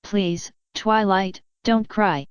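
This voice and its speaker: A woman's voice: mid-range voice, extremely slow, clean tone, no room sound, highs cut off. A woman voicing a regal, once-warlike pony princess who speaks formally, in a storybook reading. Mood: soothing. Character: stern warrior pony princess, commanding yet tender.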